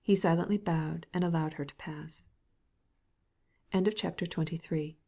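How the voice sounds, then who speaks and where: A woman narrating an audiobook of a classic novel in a calm, measured reading. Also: deep voice, husky.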